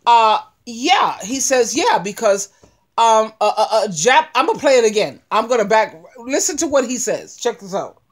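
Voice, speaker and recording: A woman's voice: a little high, big pitch swings, normal speed. A middle-aged woman giving casual, emphatic commentary as a relationship advice vlogger, acting out sassy retorts. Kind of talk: casual commentary on a played clip.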